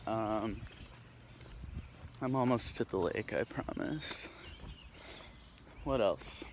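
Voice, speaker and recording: Slow, rambling young man outdoors. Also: lowish voice. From Tacoma, Washington, USA. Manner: rambling, relaxed, many fillers and restarts. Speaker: vlogger. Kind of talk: casual walking vlog. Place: outdoors, walking through a residential neighborhood. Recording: faint outdoor background noise.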